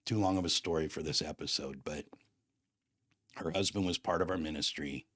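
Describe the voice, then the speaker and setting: A man hosting a podcast, telling a personal story in a casual, animated way with surfer slang. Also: extremely low pitch, normal speed, dry recording, studio quality. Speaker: podcast host.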